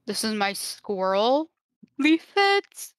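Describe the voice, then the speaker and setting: A young woman chats while she streams a game and puts on playful, theatrical mock outrage. Her delivery is slow and unhurried, and her voice is smooth and clear. The sound is dry and close to the mic. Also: mid-range voice, steady tone, fairly bright tone, dry recording. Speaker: streamer with an avatar model. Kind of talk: playful gaming chat.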